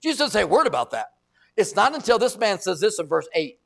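A male pastor preaching a sermon, telling folksy stories with quick asides and restarts. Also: sits high, sing-song, creaky.

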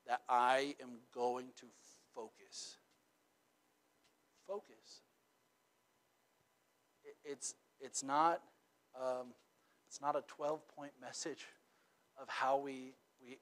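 A middle-aged man preaching a sermon in a conversational way, often checking in with "okay?" and "right?". He swings from loud, emphatic stretches to quiet, intimate ones. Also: mid-range voice, little pitch movement, a little slow. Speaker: pastor.

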